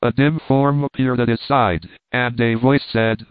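Male audiobook narrator, steady storytelling read; lo-fi telephone-band, no room sound. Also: mid-range voice, smooth, dry recording. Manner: measured storytelling reading. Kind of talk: scripted narration. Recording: tinny phone-like dry recording.

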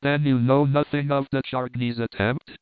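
A man's voice: medium pitch, little pitch movement, normal speed, smooth, dry recording, close to an everyday voice. Angry medieval king, commanding and accusing, read by a man, dry, narrow-band audio. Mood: wrathful. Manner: stern, accusing.

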